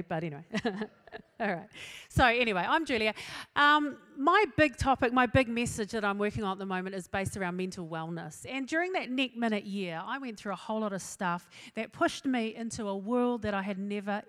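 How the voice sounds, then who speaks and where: A woman in her forties with a New Zealand accent gives a humorous talk to an audience, chatty and self-mocking and laughing at her own jokes. Her voice is mid-range with a fairly bright tone.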